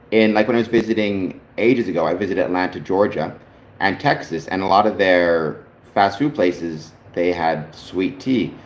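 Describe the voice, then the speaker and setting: A man's voice: lowish voice, a little mellow. A Canadian man hosting a livestream, chatting casually and rambling a little. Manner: rambling, chatty, talks to his father on the stream. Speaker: livestream host. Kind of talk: casual chat. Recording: roomy echo, faint background noise.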